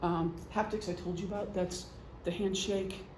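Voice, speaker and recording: Middle-aged woman presenter, warm dark tone, joking and chatty, recorded in an echoey room. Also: lowish voice, steady tone, normal speed, a little hiss or hum. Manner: chatty, joking, acts out gestures. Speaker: presenter, retired police officer and veteran. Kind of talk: casual lecture.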